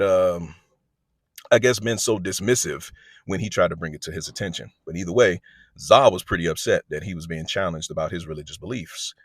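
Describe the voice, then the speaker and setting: Brief: male storyteller, husky tone, dry close sound, casual and chatty, keeps checking in with the listener. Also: deep voice, no room sound. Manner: conversational, with frequent check-ins and restarts. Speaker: storyteller recounting a work incident.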